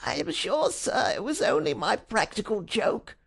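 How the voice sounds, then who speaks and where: A cowering, wizened old man whimpers in a thin, high voice, as a male reader voices him. His tone is timid and gravelly. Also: very animated, normal speed, a bit bright, exaggerated voice. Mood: whimpering.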